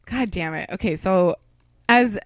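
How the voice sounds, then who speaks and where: A woman's voice: medium pitch, a little slow, dry recording, studio quality. A young woman co-hosting a podcast, a bit tipsy, rambling and swearing freely with lots of laughs. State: tipsy from wine. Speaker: podcast co-host. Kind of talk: casual chat.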